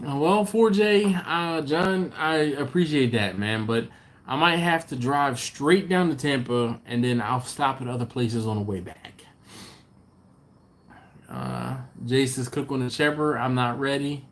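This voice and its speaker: A man's voice: mid-range voice, unhurried. A middle-aged man hosting a barbecue channel, chatting casually on a live stream and reading out viewer comments in a laid-back, slangy way.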